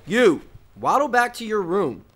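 A man's voice: medium pitch, huge pitch swings, moderate pace. A man playing a protective, teasing son.

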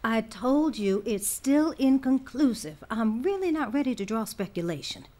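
A woman voicing a weary middle-aged scientist and mother who speaks in a measured, reserved way. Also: a little high, very animated, dark tone. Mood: tired.

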